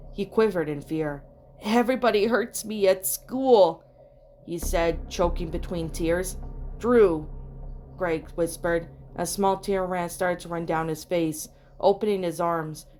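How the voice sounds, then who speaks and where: Low-voiced woman reading a fan story. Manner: steady, plain storytelling delivery with small slips and rereads. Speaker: fan fiction reader. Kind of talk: reading fan fiction aloud. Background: soft background music.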